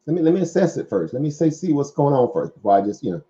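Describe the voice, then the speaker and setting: A man's voice: on the high side, big pitch swings, rapid-fire, mellow, muffled recording. A man with a Southern accent hosting a casual stock market talk, rambling and conversational, full of fillers and tag questions. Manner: rambling, conversational, many fillers and "right?" asides. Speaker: stock market show host.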